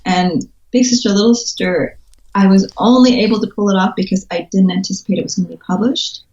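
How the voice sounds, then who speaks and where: A woman in her thirties tells stories with animated energy and leaps into high voices when she quotes people. The sound is roomy and a little dull, like a lo-fi remote recording in a reverberant room. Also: brisk. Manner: animated storytelling, acts out quotes with big pitch jumps and laughter. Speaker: guest, children's book illustrator. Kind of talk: casual interview chat.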